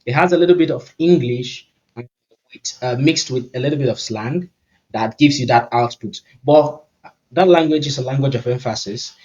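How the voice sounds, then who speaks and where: A chatty, upbeat man with a Nigerian accent walks viewers through a screen-recorded tech demo and thinks aloud as he goes. His voice sits at an ordinary middle pitch. The recording is dull and a little lo-fi. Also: moderate pace, a little mellow. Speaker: tech YouTuber. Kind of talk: casual screen-recording tutorial.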